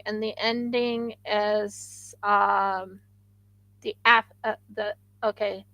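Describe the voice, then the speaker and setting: Slow-talking chatty woman host. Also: medium pitch, little pitch movement, sharp tone, dry recording, rough recording. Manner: rambling, chatty, with frequent restarts. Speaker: craft livestream host. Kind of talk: casual livestream chat.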